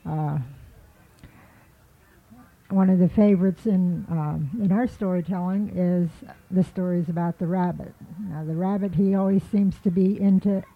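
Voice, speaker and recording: A woman telling an animal folk tale in a relaxed, rambling storytelling manner. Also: on the low side, unhurried, slightly rough. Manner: relaxed, with frequent fillers and restarts. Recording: tinny phone-like line with faint music.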